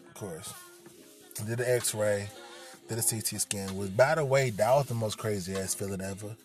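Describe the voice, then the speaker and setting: A man's voice: on the low side, normal speed, soft background music. A man casually retelling a personal story, profane and streetwise, acting out the people he quotes.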